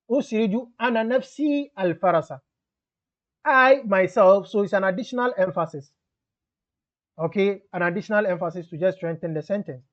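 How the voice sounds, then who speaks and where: High-voiced man teaching grammar. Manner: reads Arabic text aloud, then explains it in English. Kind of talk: explanatory grammar lesson. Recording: dull lo-fi sound.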